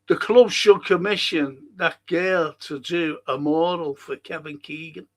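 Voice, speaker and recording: Scouse male stream host, unhurried chatty delivery, reacts to viewer comments, voice on the higher side. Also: fairly bright tone. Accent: Liverpool (Scouse). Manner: chatty, reads viewer comments aloud and answers them. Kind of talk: casual live-stream chat.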